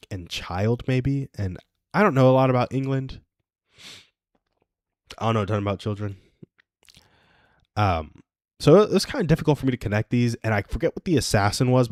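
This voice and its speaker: Twenties male stream host, low voice, dry close sound, rambling and self-amused. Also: darkish tone, no echo. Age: 20s. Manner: rambling and self-amused, chuckles at his own stories. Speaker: livestream host. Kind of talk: casual solo livestream chat.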